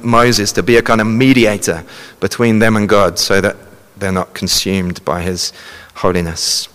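A man's voice: lowish voice, steady tone, moderate pace, fairly bright tone, big-room sound. A man preaching a sermon, earnestly explaining and reading scripture passages aloud to a congregation.

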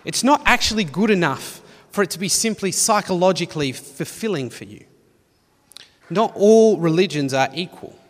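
A man's voice: high-pitched, expressive, normal speed. A man preaching a sermon, reading Bible passages expressively with dry humour. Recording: long reverb of a hall.

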